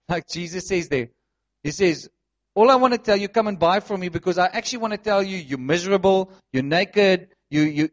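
Passionate preacher, lo-fi. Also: male voice, high voice. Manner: passionate storytelling, swings between loud and soft. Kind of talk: sermon. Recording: muffled, lo-fi sound.

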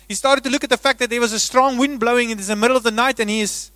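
A man preaching a sermon as a pastor. He swings between loud, emphatic bursts and hushed, drawn-out words. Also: extremely high pitch, fairly even intonation, no room sound.

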